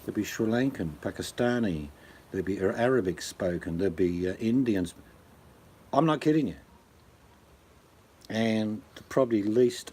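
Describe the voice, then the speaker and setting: Brief: older Australian man, deep-ish and husky, jokey rambling host talk. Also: darkish tone. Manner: rambling, jokey, swaps into impressions. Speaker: channel host. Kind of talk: casual chat.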